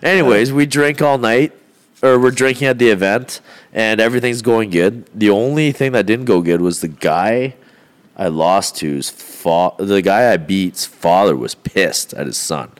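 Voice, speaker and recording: A man, a fighter on a podcast, tells a rowdy story in a loose, casual way. His voice sits a bit low, and he swears freely and breaks into laughter often. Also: measured pace.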